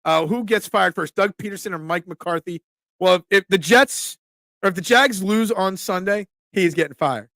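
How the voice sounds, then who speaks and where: A man's voice: high voice, moderate pace, pushed and bright, dry recording. A middle-aged man with a Delco accent from the Philadelphia area, rambling bluntly through casual sports talk and replies to chat as a host. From Delaware County, Pennsylvania. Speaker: host, pizza shop owner.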